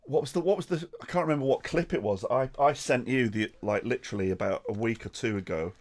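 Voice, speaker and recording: A man in casual podcast chat, lively and sweary, laughing often and doing mocking impressions. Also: mid-range voice, quick pace. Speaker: podcast co-host.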